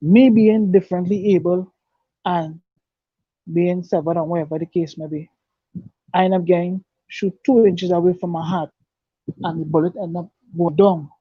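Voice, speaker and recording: A man giving an earnest, halting personal testimony, repeating and restarting his words. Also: high-pitched, steady tone, breathy edge, no echo. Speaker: guest telling his life story. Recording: dull dry lo-fi recording.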